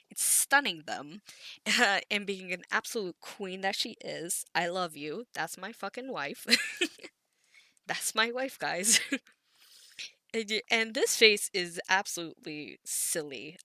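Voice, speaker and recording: A woman's voice: mid-range voice, sharp tone, dry recording. A woman recapping an anime episode in casual chat, rambling with frequent giggles, stutters and restarts. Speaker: anime commentary creator.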